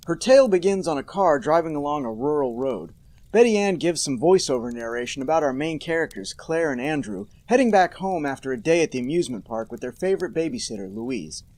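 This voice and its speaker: A man's voice: fairly high pitch, a little mellow, no room sound. A man hosting a podcast, recapping a horror episode with sarcastic, mock-outraged asides. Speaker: podcast host.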